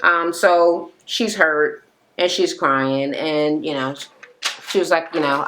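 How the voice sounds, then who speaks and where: A woman's voice: lowish voice, lively intonation, measured pace, a bit bright, a little hiss or hum. A woman giving a casual, profane rant as she recaps a reality show. She talks bluntly and keeps the story moving. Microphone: camera-mounted recording setup.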